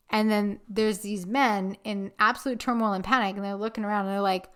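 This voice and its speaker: A young woman hosts a casual spiritual podcast on her own. She tells a story earnestly and with animation, using plenty of casual fillers, and her voice sits at a middle pitch. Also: fairly even intonation, brisk. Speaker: podcast host.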